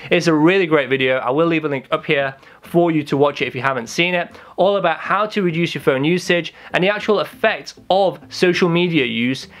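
A young man who works as a pharmacist, answering viewer comments in an upbeat, energetic, casual way. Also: fairly high pitch, brisk, few pauses. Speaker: pharmacist host. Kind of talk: casual YouTube comment-response chat.

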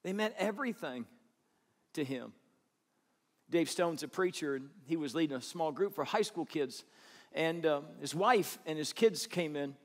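A man's voice: on the high side, lively intonation, a little slow. Emphatic man preaching in a reverberant hall. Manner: emphatic, repeats phrases for weight. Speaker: pastor. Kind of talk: sermon. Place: large church auditorium.

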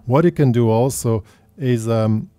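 Male guitar teacher, mid pitch, patient step-by-step explainer, guitar music in the background. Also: unhurried, dark tone, no room sound. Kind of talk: instructional guitar lesson. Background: guitar playing and backing track.

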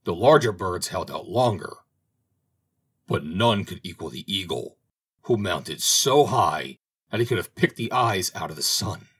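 Male audiobook narrator, expressive fairy-tale reader, husky lower voice. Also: unhurried. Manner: expressive, dramatic reading. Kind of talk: storybook narration.

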